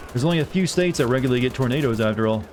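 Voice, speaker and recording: A man's voice: medium pitch, expressive, very fast, darkish tone, slight background noise. A man streaming a game and chatting casually with his viewers, teasing them and playfully dodging their questions. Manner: teasing, evasive, talks over gameplay. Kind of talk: casual gaming commentary to chat.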